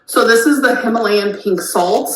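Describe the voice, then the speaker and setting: A woman's voice: on the high side, normal speed. A woman vlogging casually to camera, rambling through everyday updates and product recommendations. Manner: chatty, rambling product talk. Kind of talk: casual vlog chat. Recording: roomy with faint noise.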